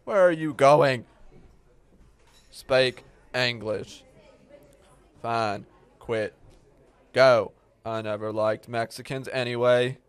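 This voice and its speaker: A man playing a grumpy, greedy old diner manager with a gruff, dismissive manner in an amateur comedy sketch. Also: mid-range voice, little pitch movement, dry recording, lightly acted. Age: older. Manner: gruff, dismissive and slow-spoken.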